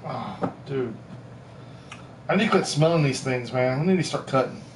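A man's voice: medium pitch, moderate pace. A man, co-hosting a casual live stream and joking and teasing his partner. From Mobile, Alabama. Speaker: co-host. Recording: roomy, distant mic, noisy ambience.

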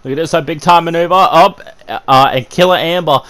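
A man doing amateur play-by-play commentary on a wrestling video game, excitable and full of fillers and stammered restarts. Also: a little high, brisk.

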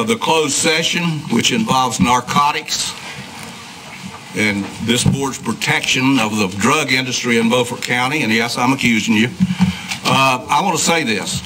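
Man, commissioner, accusatory, firm, bright forceful voice, faint room hiss. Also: medium pitch, low-quality recording. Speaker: county commissioner. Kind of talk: formal complaint at a public meeting.

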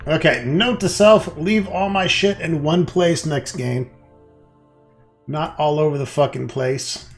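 A man's voice: a little high, a little slow, vocal fry, soft background music. A man hosting a let's play, reading out a text adventure game and muttering casual, profane comments.

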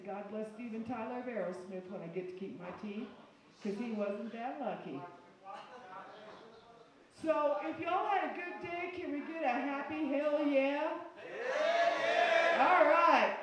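A Colorado-based American woman with a Southern accent does brash, bawdy stand-up at an open mic in a small bar, delivering folksy punchlines. Her voice is on the high side and a little mellow. The mic is distant and the bar room is echoey, with slight background noise.

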